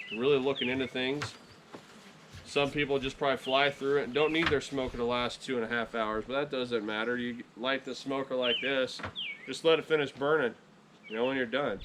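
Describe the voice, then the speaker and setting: Guy rambling about by the bee hives outdoors, easygoing, lots of background noise. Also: medium pitch. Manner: relaxed, rambling, self-correcting. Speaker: beekeeping vlogger. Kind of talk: casual outdoor chat to camera. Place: outdoors by beehives.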